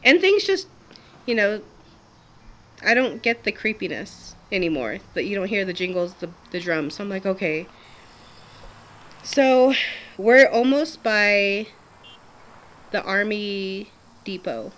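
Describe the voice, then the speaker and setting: A young woman recounts a personal story in a loose, conversational way. She talks chattily, with plenty of fillers, restarts and little laughs, at a middle pitch. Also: big pitch swings, slow pace, pauses often, a bit bright. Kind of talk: casual spoken storytelling.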